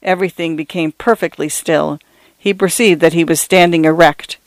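A man narrates a story in a measured, dramatic way, turning now and then to address the listener. His voice is fairly high and smooth, and the recording is dry and close, with no room echo. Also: steady tone.

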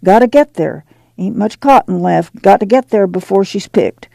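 A man reading aloud as a tired but determined farm mother in a storybook reading, hurrying her family along with a brisk drawl. The voice sits fairly high, dark and gravelly. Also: animated, dry recording, full character voice. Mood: commanding. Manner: brisk, commanding, folksy. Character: weary determined farm mother, middle-aged.

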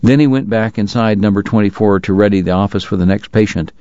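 A man reading a story aloud as its narrator, with steady storytelling. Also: on the low side, fast talker, no room sound, highs cut off. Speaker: audiobook narrator. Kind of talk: scripted narration.

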